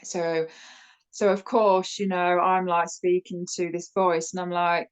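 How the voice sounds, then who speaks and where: A woman from the United Kingdom with a British accent, a podcast guest telling a personal story in a casual, animated way, with many fillers and restarts. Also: on the low side, a little slow, clean tone, low-quality recording. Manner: laughs often while telling the story.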